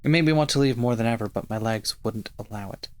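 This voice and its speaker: A man hosting a let's play, reading visual novel narration aloud in a steady first-person voice. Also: mid-range voice, fast talker.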